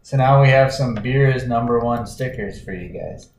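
A man co-hosting a casual chat, talking in a relaxed, rambling way with fillers. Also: medium pitch, moderate pace. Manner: laid-back, rambling with fillers. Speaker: podcast co-host. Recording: roomy echo, faint noise.

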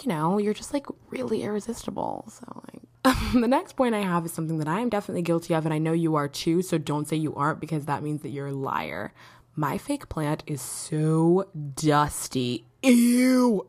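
A young woman in her late teens hosts a chatty, rambling podcast. Her voice sits a bit low for a woman, and she keeps breaking into laughter and playful mock drama. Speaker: podcast host. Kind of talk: casual chat.

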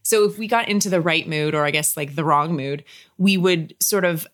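A woman's voice: low voice, moderate pace, a bit bright. A woman talking casually as an interview guest, gushing and restarting her sentences often. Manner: chatty, gushing, many restarts and fillers. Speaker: actress and guest. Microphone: podcast microphone.

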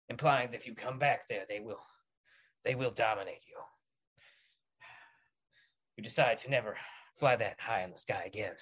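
Man narrating a mock-calm guided visualization. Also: medium pitch. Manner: deadpan mock-soothing, rambling with restarts. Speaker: podcast host.

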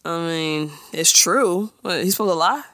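A woman's voice: on the low side, expressive, moderate pace, fairly bright tone, dry recording, clean studio sound. A woman co-hosting a casual chat, retelling a TV episode with laughs and voiced-out lines. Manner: laughing, acting out characters' lines. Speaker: podcast co-host recapping a TV episode.

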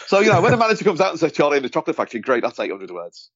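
A man's voice: on the high side, huge pitch swings, brisk, husky, no echo, highs cut off. A man who co-hosts a football podcast, telling rambling anecdotes from his time as a sports journalist with lots of restarts. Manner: rambling storyteller with many restarts. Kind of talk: casual chat, anecdote telling.

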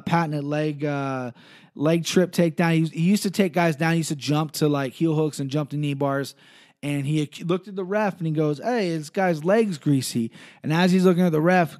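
A man's voice: medium pitch, darkish tone. A young man hosting a solo podcast, rambling and swearing casually, correcting himself as he goes. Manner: rambling, profane, self-correcting. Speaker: podcast host.

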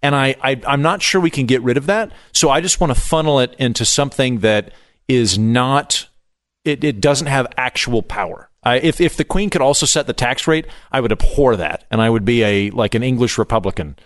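A man's voice: mid-range voice, lively intonation, moderate pace, no room sound, studio quality. A man in casual chat as a guest comedian, rambling and jokey with many restarts.

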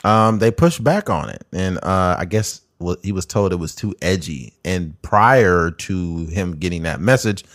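A man's voice: low voice, expressive, a little slow, hardly any pauses. A man hosting a podcast in casual chat, laid-back and joking, swearing freely. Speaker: podcast host.

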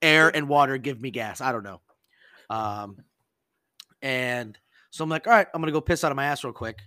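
Bright-voiced, foul-mouthed young man. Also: medium pitch, moderate pace, no room sound. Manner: profane, rambling storyteller. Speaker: podcast host. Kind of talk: casual chat.

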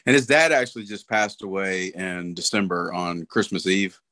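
A middle-aged man with a fairly low voice talks casually about an old friend, rambling and circling back with fillers. The sound is dry and close, with no room around him. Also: moderate pace, bright, forceful tone, no room sound. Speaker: friend remembering a late friend. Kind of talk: casual conversation.

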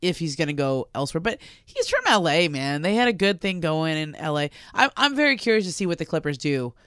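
A woman's voice: deep voice, big pitch swings, brisk, fairly bright tone, clear, resonant tone, no echo, clean studio sound. A woman co-hosting a casual sports talk show, often restarting her sentences as she thinks aloud. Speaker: co-host.

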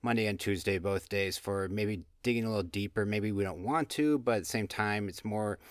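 A man co-hosting an astrology podcast, talking through the week's forecast in a measured, friendly way. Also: fairly low pitch, dry recording, studio quality. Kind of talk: casual podcast chat and forecast. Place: room with open door during rainstorm.

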